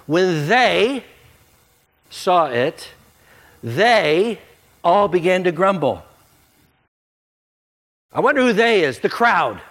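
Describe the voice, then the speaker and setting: A man's voice: high-pitched, takes it slowly, long pauses. A man preaching a sermon, conversational and joking with the congregation. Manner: animated, conversational, jokey. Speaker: pastor.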